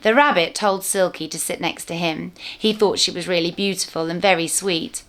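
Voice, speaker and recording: A woman, a teacher, reading a storybook aloud to young children with clear, expressive storytelling. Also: lowish voice, moderate pace, hardly any pauses.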